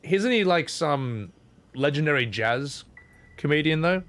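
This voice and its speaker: A man's voice: fairly high pitch, expressive, unhurried, a bit bright. A man streaming a game, chatting casually with viewers, joking, laughing and swearing. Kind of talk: casual live-stream chat.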